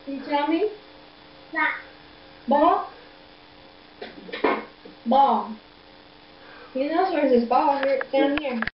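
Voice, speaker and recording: A young mother coaxing her toddler in high sing-song baby talk over a video call, repeating simple prompts. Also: lively intonation, drawn-out words, long pauses. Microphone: computer video call mic. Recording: dull echoey video-call audio, faint noise.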